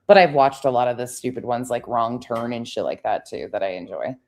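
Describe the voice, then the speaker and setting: A woman with a strikingly deep voice, hosting a casual livestream. She talks bluntly and teasingly and swears freely. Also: lively intonation, brisk, darkish tone. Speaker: livestream host.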